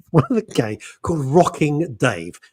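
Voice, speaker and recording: A man hosting a chat show, telling anecdotes in an animated way and laughing as he goes. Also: fairly high pitch, unhurried, crowd noise. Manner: animated storyteller, laughs often. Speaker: host. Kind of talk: casual chat.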